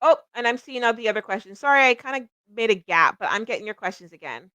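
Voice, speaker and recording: A woman's voice: a little high, lively intonation, fast, a bit bright, no room sound. A middle-aged woman hosting a psychic livestream, chatting casually and rambling, laughing at herself often.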